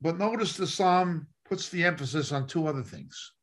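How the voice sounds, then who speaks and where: Emphatic bright-voiced male preacher. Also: on the high side, moderate pace. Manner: emphatic, repetitive preaching with rising intensity. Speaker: Bible teacher. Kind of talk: sermon teaching.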